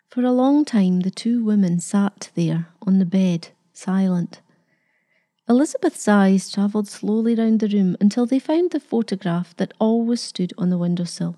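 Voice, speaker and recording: Female storybook narrator, calm and measured, with a warm, dark tone. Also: medium pitch. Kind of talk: storybook reading.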